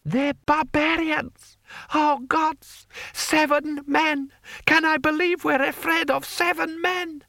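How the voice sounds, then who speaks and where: Brief: man doing a sneering warlord lord, high and strained, slow and gravelly, audiobook. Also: animated, sharp tone, no echo, clean studio sound, exaggerated voice. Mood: shrill, sneering. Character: imperious, cold-tempered male warlord lord.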